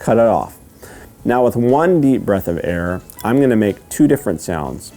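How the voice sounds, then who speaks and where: A duck calling instructor patiently teaches a step-by-step lesson in a lowish, warm voice with big pitch swings, faint music playing behind. He repeats steps, checks in with "okay?", and counts out rhythms slowly while singing the cadence.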